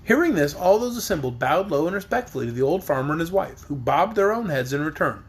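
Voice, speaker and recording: Husky man reading a storybook. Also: a little high, fast. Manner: expressive, lively reading. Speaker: audiobook reader. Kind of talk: storybook narration.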